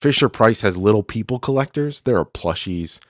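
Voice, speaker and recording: A man co-hosting a podcast, chatting casually with dry, deadpan humor. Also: on the low side, brisk, no room sound. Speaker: podcast co-host.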